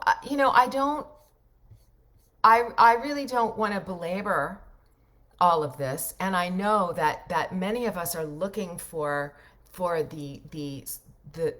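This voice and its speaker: A woman's voice: on the low side, a bit bright. A middle-aged woman, a voiceover coach, chatting casually on a livestream and reading out viewer comments, reflective and rambling.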